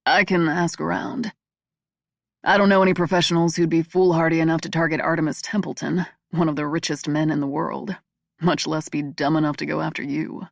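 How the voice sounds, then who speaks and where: A woman voicing a calm, wry male crime boss in an audiobook, speaking in a quiet, dry, measured way. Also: sits low, vocal fry, no echo.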